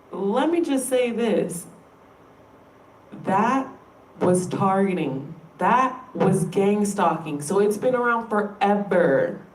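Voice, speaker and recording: A woman's voice: fairly high pitch, distant mic. A woman in a casual, rambling monologue, emphatic and profane. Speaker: vlogger. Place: room in an indoor workplace building. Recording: echoey room, voice away from mic.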